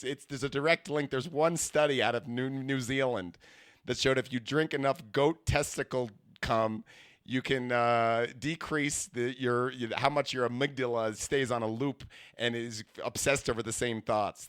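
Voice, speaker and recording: A male comedian rambles through a comic monologue on his own podcast, self-mocking and full of fillers and restarts. His voice is medium-pitched with a fairly bright tone, recorded at studio quality with no room sound.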